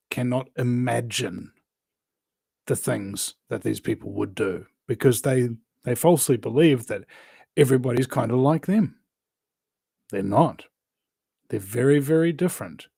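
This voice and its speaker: A New man talking as a guest, voice of medium pitch. He rambles and presses his points with lots of fillers and restarts. The sound is close and dry, with no room around it. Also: creaky, dark tone, slightly rough, dry recording. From New Zealand. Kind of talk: casual conversation.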